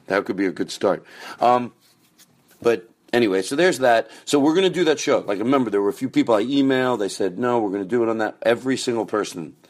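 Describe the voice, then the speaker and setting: A man hosting a podcast, rambling casually through plans and announcements, now and then erupting into loud profane rants. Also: medium pitch, lively intonation, brisk. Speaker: podcast host.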